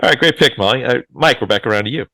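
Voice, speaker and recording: A man's voice: mid-range voice, fast, pushed and bright, no echo. A man hosting a casual movie podcast, often laughing and passing the turn to his co-hosts. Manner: laughs often, moderates turns. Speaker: podcast host.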